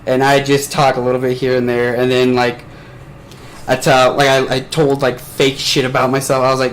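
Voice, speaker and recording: A man's voice: mid-range voice, monotone, normal speed, a little hiss or hum, rough recording. Rambling, swearing podcast man. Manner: rambling storytelling, heavy swearing. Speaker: podcast host. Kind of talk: casual chat. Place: bedroom at home.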